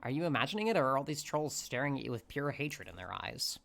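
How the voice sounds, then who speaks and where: A man's voice: mid-range voice, very animated, quick pace, gravelly, fairly bright tone, a little hiss or hum. A man hosting a let's play, reading game narration aloud and breaking off to joke. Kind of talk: narrating a visual novel aloud.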